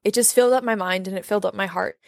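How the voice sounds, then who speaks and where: A woman's voice: mid-range voice, fairly even intonation, racing, gravelly, no echo. Earnest reflective young woman, dry sound. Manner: earnest, reflective, frequent "like" and "you know". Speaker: guest sharing her story. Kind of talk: casual faith conversation.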